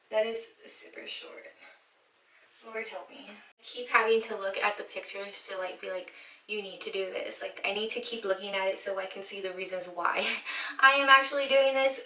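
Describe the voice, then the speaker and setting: A woman's voice: medium pitch, sharp tone, far from the mic. A young woman filming herself as she cuts her own hair, nervous and emotional, swearing freely and sometimes dropping to a whisper. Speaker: beauty vlogger and hairstylist. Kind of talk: casual vlog, talking to camera while cutting her hair. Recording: echoey room, slightly off-mic.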